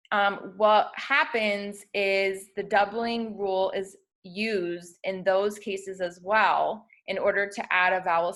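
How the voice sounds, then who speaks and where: A young woman with a medium-pitched, fairly bright voice patiently and methodically explains spelling rules. She says "um" often and makes small corrections to herself as she goes.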